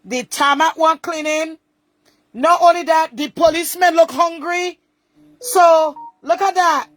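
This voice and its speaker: A woman comments on a video, stirred up and indignant, circling back to the same complaints. Her voice sits high and unhurried, and the close, dry recording puts her right in the listener's ear. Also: no room sound, faint music behind. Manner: indignant, repeats herself for emphasis. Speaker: online commentator.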